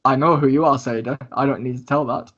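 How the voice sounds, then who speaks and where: A man voicing a flamboyant, flirtatious male tiefling thief who talks loudly and teases with giggles, in a tabletop game. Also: mid-range voice, fairly even intonation, quick pace, muffled recording, close to an everyday voice. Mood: teasing. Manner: loud, showy, teasing, giggly.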